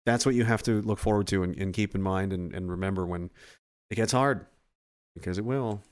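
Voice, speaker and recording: A man's voice: deep voice, brisk, faint music behind. A man giving a casual, rambling monologue, swearing freely and often restarting his sentences. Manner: profane, rambling, self-interrupting.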